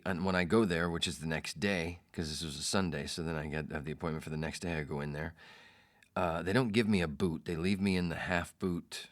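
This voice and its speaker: A man hosting a podcast, telling a personal story in a casual, animated way and putting on the voices of the people in it. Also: low voice. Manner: animated, mimics others in quoted lines. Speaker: podcast host.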